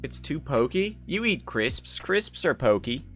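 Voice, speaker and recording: A man's voice: a little high, very animated, a bit bright, soft background music. Playful rambling male streamer. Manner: playful, rambling, quick to laugh and argue jokingly. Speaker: live streamer. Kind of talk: casual chat reacting to viewer chat.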